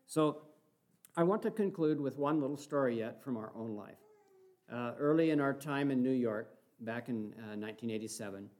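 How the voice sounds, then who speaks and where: An older man in his sixties preaching a sermon, telling stories earnestly and rising to fervent exhortation. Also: medium pitch.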